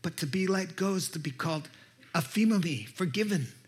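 A man's voice: high voice, animated, brisk. A man preaching a sermon, telling a story in an emphatic way and often asking his listeners "right?".

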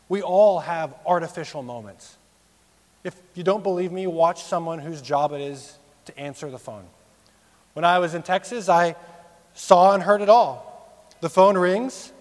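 A man in his thirties preaching a sermon, rising sharply for emphasis and dropping low and quiet on serious points. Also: unhurried, big-room sound. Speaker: pastor.

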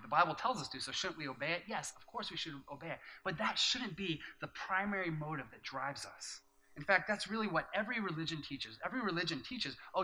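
Bright-voiced pastor preaching with rising emphasis. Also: male voice, a little high, slight background noise, poor audio. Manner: earnest storytelling, drops soft for the story and rises to emphatic preaching. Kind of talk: sermon with personal story.

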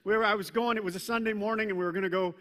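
Middle-aged male pastor, sermon, playful and animated, bright higher voice, long church-hall reverb. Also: racing. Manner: animated, playful storytelling with sudden loud mock commands. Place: church sanctuary.

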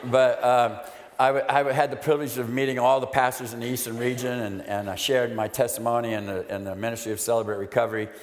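Excited man testifying in a church hall. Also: medium pitch, fast. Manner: excited, emotional, animated storytelling. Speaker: recovery pastor, guest speaker. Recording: echoey hall with long reverb.

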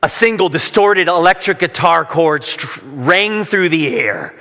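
A man's voice: fairly high pitch, lively intonation, unhurried, pushed and bright. A man preaching a sermon, mixing scripture reading with casual, self-deprecating stories. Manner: conversational, self-deprecating humor. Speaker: pastor. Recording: long hall reverb.

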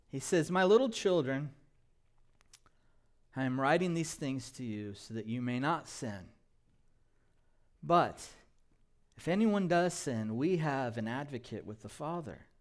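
Male pastor delivering a sermon in a church. High, lively voice, slow deliberate pace, playful asides. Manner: animated preaching with call-and-response prompts; light humor, laughs at his own jokes.

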